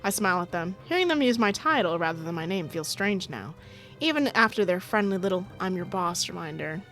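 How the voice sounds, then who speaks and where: A woman's voice: lowish voice, big pitch swings, fairly quick, fairly bright tone, faint music behind. An American woman reading a visual novel aloud as the main character, with giggly, playful asides. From United States. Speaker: gaming streamer.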